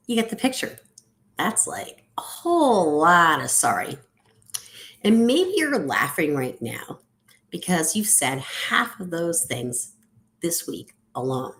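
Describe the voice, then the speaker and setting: Slow, lively middle-aged woman coach. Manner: lively, sing-song delivery with sudden high lifts and drops to near whisper. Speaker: ADHD coach. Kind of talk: reflective podcast monologue.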